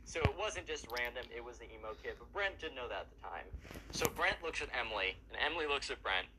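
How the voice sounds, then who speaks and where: Casual male storyteller, chatty, mid-pitched; noisy mic. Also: expressive, fast talker. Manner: chatty, filler-heavy. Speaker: storyteller and gamer. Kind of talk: casual storytelling over gameplay.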